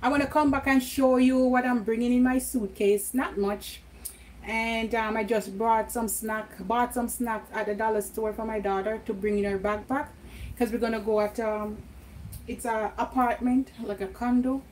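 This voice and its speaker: Jamaican lady talking to her viewers, pretty high voice, laughs a lot, slips into patois, bit of faint background noise. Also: steady tone, normal speed, a little mellow, poor audio. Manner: chatty, laughing, switching into patois. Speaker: vlogger. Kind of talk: casual home vlog chat.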